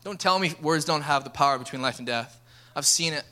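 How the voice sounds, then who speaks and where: Bright earnest young male preacher. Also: a little high, brisk. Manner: earnest, building to emphatic appeals. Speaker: pastor. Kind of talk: sermon.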